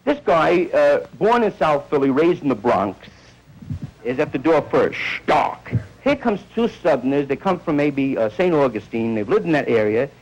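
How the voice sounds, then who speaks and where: A man's voice: fairly high pitch, very animated, normal speed, a little mellow, low-quality recording. A man doing a rambling stand-up comedy monologue, telling stories and acting out bits of dialogue.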